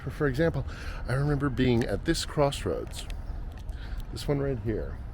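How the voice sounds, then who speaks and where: A man's voice: medium pitch, big pitch swings, normal speed, vocal fry, darkish tone. Middle-aged man vlogging on a noisy street. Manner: reflective, conversational, thinking aloud. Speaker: vlogger and reporter. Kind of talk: walking vlog narration. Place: outdoors on city streets and in a market. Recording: noisy outdoor street ambience. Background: city traffic and street noise.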